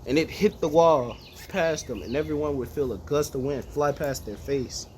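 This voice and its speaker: A man casually spinning a made-up story in a relaxed, slangy way. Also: a little high, moderate pace, slight background noise. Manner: relaxed, slangy, laid-back telling.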